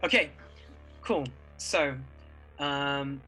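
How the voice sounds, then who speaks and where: A man narrating a tabletop game as game master, relaxed and casual with plenty of fillers. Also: fairly high pitch, moderate pace, soft background music, poor audio.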